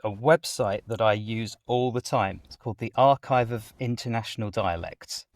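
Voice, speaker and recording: A man speaking as a guest voice actor in a conversational interview, chatty and animated as he explains his work at length. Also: fairly low pitch, moderate pace, no echo.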